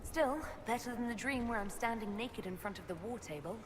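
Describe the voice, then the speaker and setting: An actress voicing a composed female elf leader who speaks in an even, matter-of-fact way. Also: fairly high pitch, a little fast, close to an everyday voice. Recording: reverberant game audio with ambient noise. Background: game ambience.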